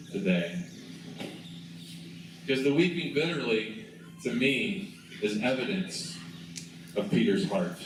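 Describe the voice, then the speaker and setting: A man speaking at a school chapel, retelling a story in a casual, conversational sermon and prompting the students to join in, recorded far off in a very echoey room with noise behind. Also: medium pitch. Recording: very echoey chapel from afar, noisy.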